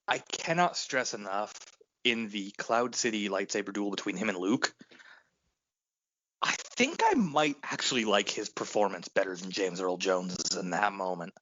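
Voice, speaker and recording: Excitable lo-fi man ranting about fandom. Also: lowish voice, moderate pace, no echo. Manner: excitable, swears, laughs often, acts out quotes. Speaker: podcast co-host. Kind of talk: casual podcast chat. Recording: dull lo-fi sound.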